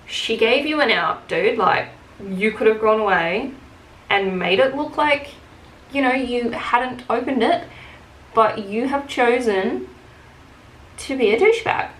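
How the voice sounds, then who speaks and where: A woman's voice: on the high side, measured pace, long pauses. Blunt, swearing woman in an echoey room. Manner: blunt, swears freely, animated when quoting herself. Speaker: beauty vlogger. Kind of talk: casual storytelling while doing makeup.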